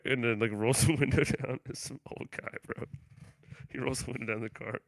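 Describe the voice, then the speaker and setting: A man's voice: on the low side, fast, dry recording. A young man co-hosting a podcast, telling stories in a loose, crude, slangy way with frequent laughter. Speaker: podcast co-host. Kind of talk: casual chat.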